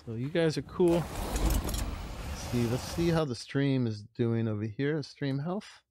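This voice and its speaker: A man's voice: mid-range voice, slow pace, slight background noise. A man streaming a video game, chatting casually and rambling with frequent chuckles as he plays. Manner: relaxed, rambling, chuckles often. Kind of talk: casual live-stream commentary.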